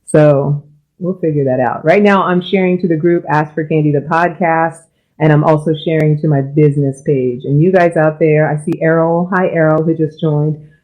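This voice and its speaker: Host, woman, lowish voice, chatty and easy. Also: fairly even intonation, moderate pace, highs cut off. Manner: chatty, laughs often. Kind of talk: live-streamed talk show.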